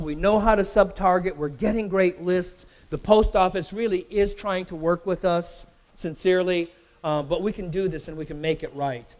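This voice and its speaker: Workshop presenter, male, high-pitched, emphatic, keeps quizzing the room with questions. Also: darkish tone. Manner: repeats words and restarts while talking. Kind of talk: live marketing workshop lecture. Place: live event in a company facility.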